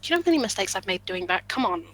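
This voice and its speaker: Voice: mid-range voice, very animated, rapid-fire, fairly bright tone, a little hiss or hum. A player in a tabletop game, chatting casually and laughing often, with playful protests.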